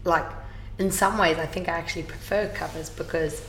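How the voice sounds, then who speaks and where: A woman's voice: lowish voice, steady tone, fairly quick, echoey room, a little hiss or hum. A woman hosting a casual podcast chat, chatty and swearing casually. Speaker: podcast host.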